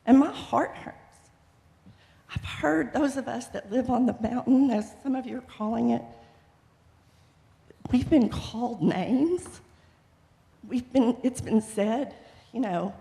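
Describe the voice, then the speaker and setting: A woman's voice: on the high side, takes it slowly, creaky, long pauses, warm tone. A middle-aged woman making an impassioned, pleading public comment at a city council meeting. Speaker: resident speaking at public comment. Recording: reverberant council chamber.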